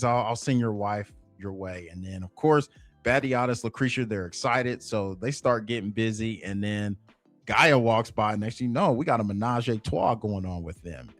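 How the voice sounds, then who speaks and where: A man's voice: mid-range voice, dry recording. Guy rambling through a show recap, lots of "you know", dry close mic, faint music under it. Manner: rambling, frequent fillers like "you know" and "basically". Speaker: TV episode reviewer. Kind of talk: casual episode recap.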